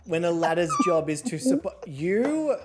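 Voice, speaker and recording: A woman's voice: lowish voice, sing-song, normal speed, over loud music. A woman hosting a casual online chat, playful and teasing, full of puns. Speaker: host. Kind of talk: casual chat on a video call.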